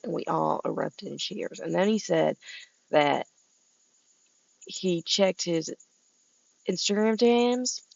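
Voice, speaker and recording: A vlogger muses aloud outdoors, about to go inside, in a rambling chatty monologue to camera punctuated by laughter. The gravelly, darkish mid-range voice comes through with no room sound and the highs cut off.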